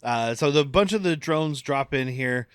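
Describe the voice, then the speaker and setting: A man's voice: medium pitch, unhurried, clean tone, dry recording, clean studio sound. A man hosting a movie podcast, recapping the plot with wry asides. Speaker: podcast host recapping the film. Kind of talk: casual movie-recap banter.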